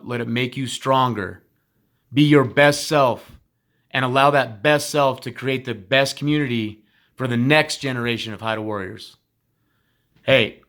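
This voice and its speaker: A man's voice: medium pitch, fairly bright tone. A man, a former teacher, giving a heartfelt, informal recorded message to graduates, emphatic and blunt with casual swearing.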